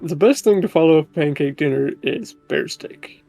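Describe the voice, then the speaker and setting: A man's voice: a little high, lively intonation, normal speed, creaky, mellow. A man chatting wryly as a player in a tabletop game. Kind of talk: casual game chat.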